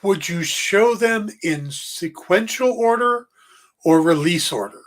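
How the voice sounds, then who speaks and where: Relaxed man with a slightly high voice. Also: slow pace. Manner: relaxed, hesitant, with fillers. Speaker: podcast co-host. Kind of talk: casual chat.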